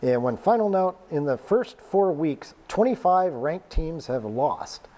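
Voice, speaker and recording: A man's voice: on the high side, expressive, a little slow, dark tone. A man hosting a sports podcast, bantering and joking about college football. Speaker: podcast host. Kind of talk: casual sports chat.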